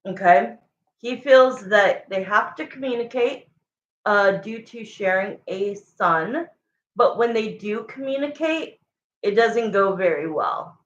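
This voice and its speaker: This tarot reader takes her time, speaking in a mid-range voice as she draws cards live and muses aloud. She keeps repeating her questions to the cards, captured in roomy, muffled lo-fi audio.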